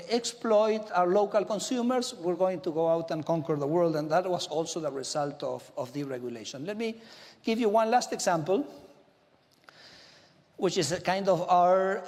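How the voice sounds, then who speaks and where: Brief: male minister, Argentine Spanish accent in English, high pitched, lively anecdotal speech, reverberant hall. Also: moderate pace. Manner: animated storytelling, frequent "okay?" asides. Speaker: government minister giving a speech. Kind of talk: speech to a business audience. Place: large conference hall.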